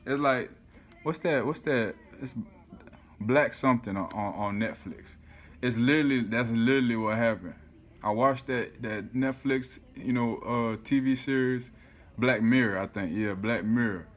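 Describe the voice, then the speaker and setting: Animated man telling a story. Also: mid-range voice, unhurried. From South Florida. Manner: animated, swears often, keeps saying "you feel me". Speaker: vlogger. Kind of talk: casual storytelling to camera.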